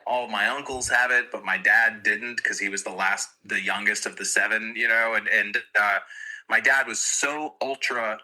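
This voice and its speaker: A man's voice: lowish voice, steady tone, normal speed, sharp tone, poor audio. A middle-aged male comedian from near Boston chatting on a podcast in a wry, self-deprecating way. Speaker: guest comedian. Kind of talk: casual podcast chat.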